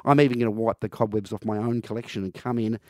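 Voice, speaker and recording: A man's voice: lowish voice, little pitch movement, fast, dry recording, clean studio sound. A man co-hosting breakfast radio, chatting passionately with lots of ums and restarts. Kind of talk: casual radio chat. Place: radio studio. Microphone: close studio mic.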